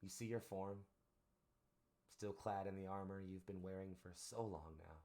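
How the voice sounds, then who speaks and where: Man, game master, low deep voice, vivid narration, tabletop game. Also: moderate pace. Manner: descriptive, animated narration with fillers.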